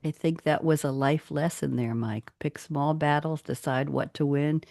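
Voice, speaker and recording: A woman's voice: deep voice, fairly even intonation, moderate pace, gravelly, darkish tone, no room sound. A woman hosting a live talk show, chatty and upbeat, speaking into a studio microphone. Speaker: host.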